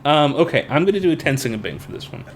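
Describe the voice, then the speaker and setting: A man co-hosting a casual podcast, playful and quick to laugh while answering trivia. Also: on the high side, sing-song, a little hiss or hum. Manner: playful, laughs often, tries silly put-on accents. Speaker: co-host and trivia contestant.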